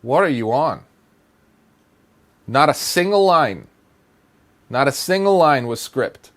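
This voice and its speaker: A man's voice: medium pitch, expressive, slow, a bit bright. A man giving acting advice in a blunt, exasperated rant, hammering points with repetition. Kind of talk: direct-to-camera advice rant.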